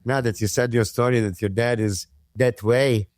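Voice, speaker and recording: A man, a podcast guest telling stories in casual chat, animated, swearing freely and acting out what others said. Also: medium pitch, normal speed, dry recording, clean studio sound. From Serbia. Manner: animated storyteller who swears freely and acts out quotes. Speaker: podcast guest, former pro bodybuilder.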